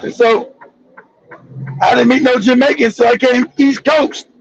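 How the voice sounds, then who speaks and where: Stream host, man from Los Angeles, very high gravelly voice, profane blunt delivery, slightly dull lo-fi audio. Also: fairly even intonation, unhurried, a little hiss or hum. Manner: profane, blunt storytelling with laughs. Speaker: channel host. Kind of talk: live-stream monologue.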